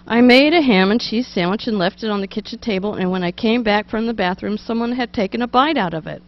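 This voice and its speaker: A woman's voice: mid-range voice, fast talker, highs cut off, natural voice. A woman reading out the lines of an indignant caller who complains in a fed-up, aggrieved way. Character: indignant caller whose sandwich was bitten.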